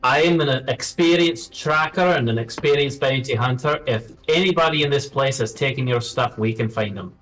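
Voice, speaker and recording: A man speaking in character during a tabletop role-playing game, confident and persuasive. He sounds a little distant from the mic, with soft music underneath. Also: mid-range voice, moderate pace, few pauses. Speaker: player.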